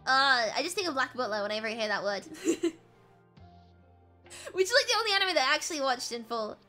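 A woman's voice: high voice, big pitch swings, brisk, pushed and bright, soft background music. An American woman streaming a video game, chatting casually and rambling with frequent giggles. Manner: giggly, rambling, self-mocking.

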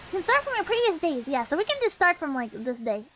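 A woman's voice: very high voice, bright, forceful tone, slight background noise. A woman streamer giving casual, brash game commentary, swearing often and laughing a lot.

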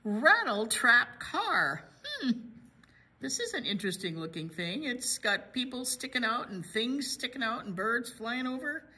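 A woman's voice: on the high side, lively intonation, normal speed, hardly any pauses, sharp tone, slightly rough. A woman hosting a library storytime, reading a picture book aloud to children with playful sound effects.

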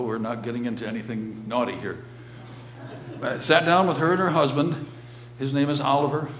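A man preaching a storytelling sermon, unhurried, who often drops to a quiet, low voice. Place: church sanctuary. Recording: roomy church echo, faint hum.

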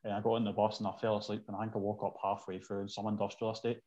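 A man's voice: on the low side, level tone, racing, darkish tone, dull audio. A man with an Ayrshire Scottish accent, a podcast guest who tells joking anecdotes. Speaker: podcast guest, former Muay Thai champion. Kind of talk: casual chat.

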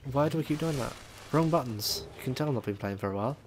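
A man hosting a casual let's-play, excitable and swearing at the game. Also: medium pitch, fast talker, a little hiss or hum. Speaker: gaming video host.

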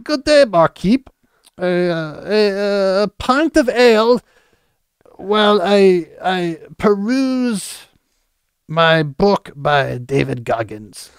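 Man doing a pompous pub patron, affected, high posh voice, slow drawl. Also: animated, smooth, dry recording, clean studio sound, full character voice.

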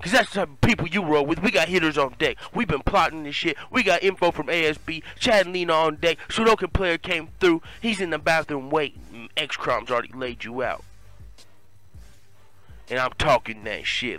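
A man's voice: fairly high pitch, moderate pace, faint music behind. A man who hosts an online fight channel, telling a crude comedic story with lots of swearing and laughter. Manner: profane, animated, laughing often. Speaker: MMA YouTube host.

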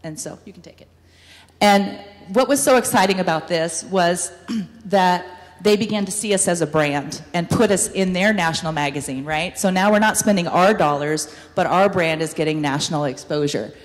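A woman business owner gives an upbeat presentation as a guest speaker in a university hall, often saying "um." Her voice is fairly low at a moderate pace, and a room mic picks up hall reverb.

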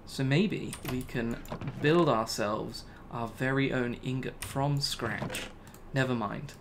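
A man's voice: medium pitch, slow, noisy background. Self-mocking man narrating his gameplay. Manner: self-talking, exasperated, laughs at himself. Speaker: gaming YouTuber. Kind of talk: casual Let's Play commentary.

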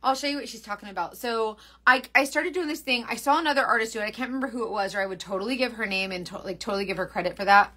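A woman's voice: a little high, racing, hardly any pauses, sharp tone. A young woman hosting a makeup livestream, rambling and giggling as she reads viewer comments. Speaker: makeup seller and livestream host. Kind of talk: chatty livestream talk.

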